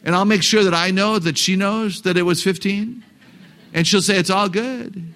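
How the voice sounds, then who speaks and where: A man's voice: sits high, fairly even intonation, normal speed, a bit bright. A man giving a live talk to parents, joking and asking the audience questions. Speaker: parenting seminar speaker.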